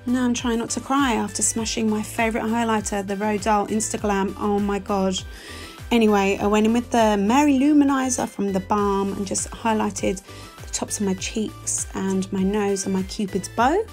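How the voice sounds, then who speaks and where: A woman's voice: mid-range voice, fairly even intonation, normal speed, darkish tone. Chatty London woman in her forties. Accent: London English. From England. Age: 40s. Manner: chatty, self-deprecating and gushing. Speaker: beauty vlogger. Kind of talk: makeup tutorial voice-over. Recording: faint music underneath.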